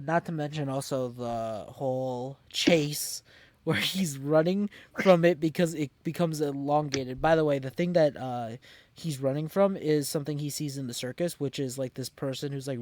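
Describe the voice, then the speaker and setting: A man's voice: medium pitch, normal speed, a little mellow. A man co-hosting a casual podcast, recapping an episode with many fillers and restarts. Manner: rambling, lots of fillers and restarts. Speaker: podcast co-host.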